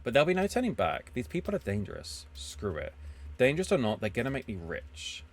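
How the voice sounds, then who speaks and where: A man's voice: medium pitch, wildly swooping pitch, a little fast. A man voicing a drunk, bitter, scheming male writer in a story game, reading his lines with slurring self-pity that turns to snarling threats.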